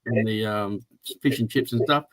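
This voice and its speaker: A man's voice: lowish voice, normal speed. Blokey Australian man telling a yarn. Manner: blokey, animated storyteller. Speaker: co-host. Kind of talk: casual storytelling chat.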